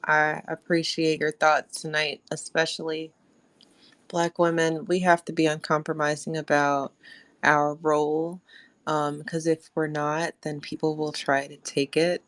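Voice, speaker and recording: A woman with a low, fairly even voice hosts a live audio chat discussion. She talks in a measured, steady way, and the sound is dry and close. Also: no echo. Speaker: host.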